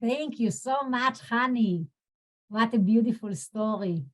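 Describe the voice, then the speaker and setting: A woman hosting a community program, asking a speaker questions in an admiring, gently enthusiastic way. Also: fairly high pitch, unhurried. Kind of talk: warm interview questions.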